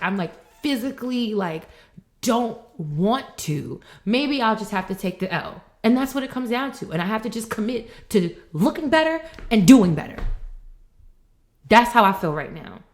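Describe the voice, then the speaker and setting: Woman, young adult, podcast co-host, heated casual talk, restarts and cursing, middle pitch. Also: lively intonation, moderate pace, darkish tone. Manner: frustrated, rambling, swears often.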